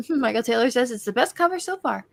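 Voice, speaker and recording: A woman's voice: on the high side, animated, fairly quick, vocal fry. A giggly woman reading out chat comments on a casual live stream.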